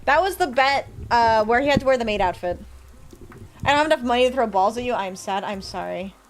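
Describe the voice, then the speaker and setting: A woman's voice: a little high, expressive, fast, slight background noise. A woman streaming a game live, chatting playfully with viewers and reading the game's text aloud. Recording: faint music behind.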